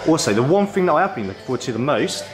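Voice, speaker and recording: A man casually narrating a travel vlog outdoors, chatty, excitable and jokey. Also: a little high, rapid-fire, over music. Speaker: vlogger exploring abandoned places. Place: outdoors in an abandoned zone.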